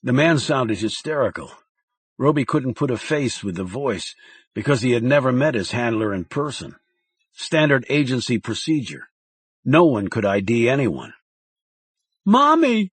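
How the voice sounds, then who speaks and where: A man reading a thriller audiobook in a measured, dramatic narration style. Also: mid-range voice, lively intonation, husky, no room sound.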